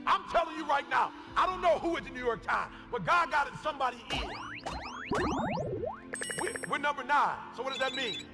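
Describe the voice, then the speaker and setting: Fiery high-voiced preacher man, shouting. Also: animated, brisk. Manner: fiery, shouting, repeating phrases and calling on the crowd. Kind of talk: impassioned motivational sermon. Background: background music.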